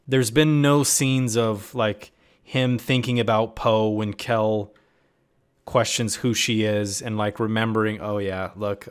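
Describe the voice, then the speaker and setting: A man's voice: lowish voice, fairly bright tone, smooth. A man giving a casual reaction review of a TV episode, critical and puzzled, often reading out lines of dialogue. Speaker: TV series reviewer.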